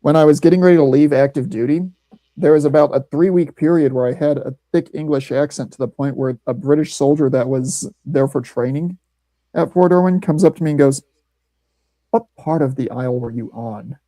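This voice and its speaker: A man from Missouri rambles through an anecdote, circling back and restarting his sentences. His voice is mellow and dark, and the sound is dry and close. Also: fairly high pitch, fairly even intonation, brisk, no room sound, low-quality recording. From Missouri, USA. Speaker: podcast host. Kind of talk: casual chat.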